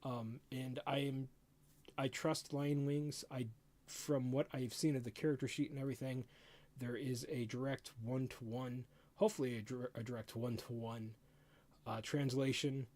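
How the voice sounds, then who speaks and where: This middle-aged streamer speaks at a moderate pace in a mid-range voice, excitedly giving offhand first impressions of a game rulebook live. He stammers and repeats words throughout.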